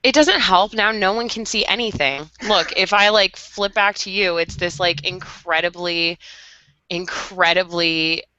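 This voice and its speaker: A woman's voice: mid-range voice, normal speed, few pauses, bright, forceful tone, muffled recording, a little hiss or hum. A woman co-hosting a podcast over a video call, rambling in a melodramatic, chatty way. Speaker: podcast co-host. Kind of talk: casual chat.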